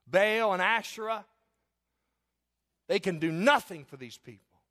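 High-voiced preacher swinging loud to soft. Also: male voice, expressive. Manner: dynamic preaching, swinging between loud emphatic peaks and soft hushed passages; reads scripture slowly and dramatically. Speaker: pastor. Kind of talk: sermon.

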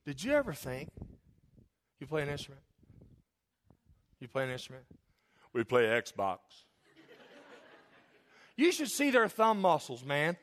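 A high-pitched man preaches to his congregation in a church, teasing people by name and laughing along with them. He often falls to a hushed, earnest delivery when he turns to the spiritual point. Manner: joking, calls on congregation by name; drops to soft earnest tone. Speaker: pastor. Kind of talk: sermon. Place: church sanctuary.

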